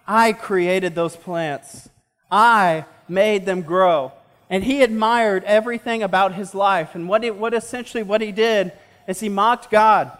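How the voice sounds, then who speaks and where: A man preaching a sermon as a pastor, impassioned and slowing down for emphasis. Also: high-pitched, a bit bright.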